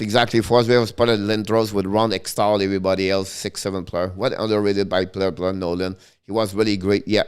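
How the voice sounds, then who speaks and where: A middle-aged man with a smooth, medium-pitched voice hosts a casual live hockey stream. He talks excitedly, often restarting and correcting himself.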